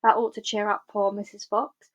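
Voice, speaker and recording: A woman voicing a cheerful, clever male fox in a storybook reading, bright and lively. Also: mid-range voice, moderate pace, close to an everyday voice, low-quality recording. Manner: cheerful, sing-song.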